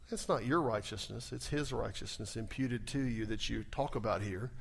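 A middle-aged male pastor preaching a conversational sermon, asking rhetorical questions and swinging between raised emphasis and quiet, trailing phrase endings. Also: lowish voice, normal speed, gravelly, hardly any pauses, breathy edge.

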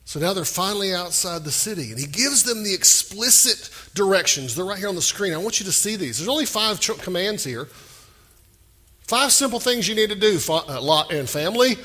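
Emphatic preacher, bright husky voice. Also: male voice, sits high, fairly quick, in a large hall. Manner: animated, emphatic, asks the crowd questions. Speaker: pastor. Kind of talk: sermon.

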